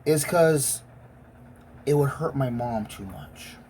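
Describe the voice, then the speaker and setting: A woman's voice: a bass voice, slow pace, background noise. A woman giving a blunt, profane, emotionally intense rant as a vlogger. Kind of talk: profane ranting monologue.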